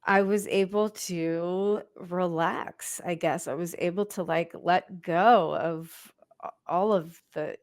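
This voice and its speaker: Slow, halting woman podcast host. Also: on the low side, fairly even intonation. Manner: reflective, halting, with many restarts. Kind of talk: casual interview conversation.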